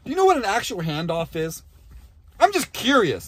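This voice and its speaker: A man rants furiously to camera as a frustrated fan, swearing and bursting into shouts. His voice sits high and swings wildly in pitch, with a husky edge. The sound is dry and close. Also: huge pitch swings, normal speed. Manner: furious, profane, ranting with shouted outbursts. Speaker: YouTuber and football fan. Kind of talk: angry fan rant to camera.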